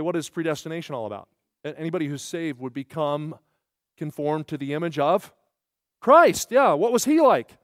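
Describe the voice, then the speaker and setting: A man's voice: fairly high pitch, dry recording, studio quality. Folksy, emphatic male preacher. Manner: folksy, animated storytelling with emphatic rises. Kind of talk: sermon.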